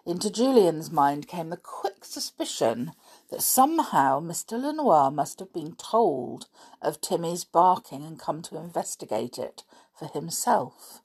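A woman reading a children's adventure book aloud as a podcast storyteller, with slow, expressive narration. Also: sits low, husky.

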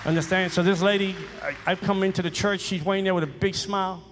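Male preacher, slightly high pitch, emphatic and repetitive, faint ambience behind. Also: fairly even intonation, quick pace, noisy background. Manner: emphatic, repeats phrases, swings between loud exhortation and quiet storytelling. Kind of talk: sermon with personal stories.

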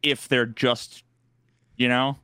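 A man's voice: medium pitch, level tone, takes it slowly, pushed and bright, smooth, no room sound. A man co-hosting a casual podcast, bantering in a joking, sarcastic way. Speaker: podcast co-host.

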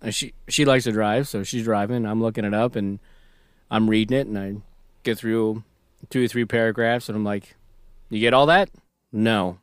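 A man's voice: fairly low pitch, steady tone, normal speed, clean tone, no echo. A man in his thirties co-hosting a podcast, talking in a laid-back way and chuckling often. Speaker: podcast co-host. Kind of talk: casual chat.

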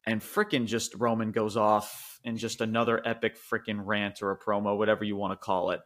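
A man co-hosting a podcast, giving an animated, rambling review in casual chat with frequent restarts. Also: lowish voice, a little fast. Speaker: wrestling podcast co-host.

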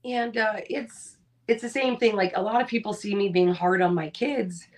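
A woman's voice: mid-range voice, normal speed. A woman in her thirties, a mother of four, talking candidly and with animation in a casual chat, swearing now and then. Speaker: podcast co-host.

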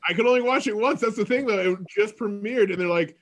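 A man co-hosting a podcast in casual chat, telling a story with animated enthusiasm. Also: sits high, quick pace. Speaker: podcast co-host.

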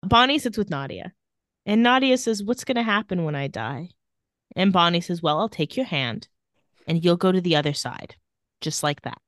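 A woman's voice: on the low side, lively intonation, normal speed, fairly bright tone, no echo. A woman co-hosting a podcast, casually recapping TV scenes with quoted lines and dry asides. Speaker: podcast co-host recapping a TV episode. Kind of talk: casual chat.

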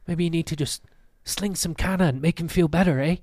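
A man's voice: a little high, expressive, a little slow, no room sound, clean studio sound, pitched above the performer's own voice. A man voicing a mocking hooded male stranger who needles and taunts a group of travelers. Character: sneering hooded male stranger with maroon skin.

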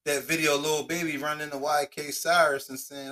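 A man co-hosting a podcast, chatting in a relaxed, slangy way and arguing his points. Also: fairly high pitch, normal speed. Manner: laid-back, slangy, argues his point. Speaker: podcast co-host. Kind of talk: casual chat.

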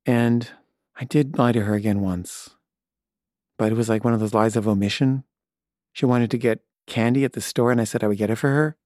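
A man's voice: medium pitch, fairly even intonation, a little fast, a little mellow, dry recording, clean studio sound. A man telling a personal story about being a parent, in a chatty way with many fillers and restarts.

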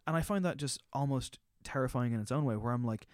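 A man's voice: mid-range voice, fast, darkish tone, dry recording, clean studio sound. A man in casual conversation, rambling through his thoughts with lots of fillers and swearing. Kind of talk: casual chat.

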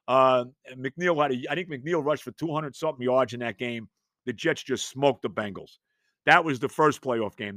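Man in his fifties, podcast host, slightly high voice, dry close sound, rambling and exasperated. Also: a bit bright, no room sound. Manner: rambling, exasperated, self-mocking. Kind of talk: casual storytelling monologue.

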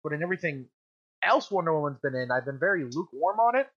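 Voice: mid-range voice, big pitch swings, a bit bright, muffled recording. A speaker in casual podcast chat about films, giving blunt opinions. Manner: quick opinions, mimics voices for jokes.

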